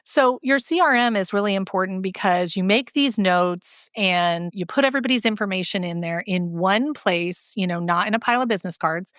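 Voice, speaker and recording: A woman co-hosting a podcast, chatting in an animated, self-deprecating way about networking. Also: mid-range voice, fairly quick, hardly any pauses, no room sound, clean studio sound. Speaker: podcast co-host. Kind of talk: casual chat.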